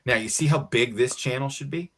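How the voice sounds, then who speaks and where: An American man, co-host of a casual talk show, telling a story in a lively way and acting out the voices of the people in it. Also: medium pitch, fairly quick. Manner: animated storyteller acting out quotes.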